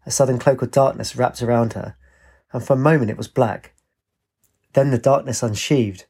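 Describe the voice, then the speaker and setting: Male storyteller, husky, mid-pitched, steady unhurried read. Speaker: narrator. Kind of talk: storybook narration.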